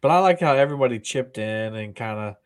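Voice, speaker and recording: A man telling stories in a relaxed podcast chat, his pitch sitting in an ordinary middle range. He rambles, restarts his sentences and laughs often. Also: quick pace, clear, resonant tone. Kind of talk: casual chat.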